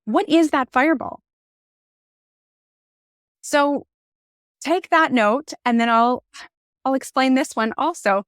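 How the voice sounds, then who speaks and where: A woman in her forties, a podcast guest, telling a personal story in an expressive, candid way. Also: sits high, slow, long pauses, clean tone, dry recording, studio quality. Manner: candid and reflective.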